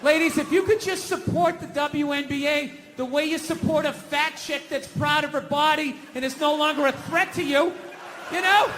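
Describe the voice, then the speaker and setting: A man's voice: very high voice, moderate pace, a bit bright, in a large hall. A man doing a stand-up routine, ranting and mocking. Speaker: stand-up comedian. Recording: live show with background noise.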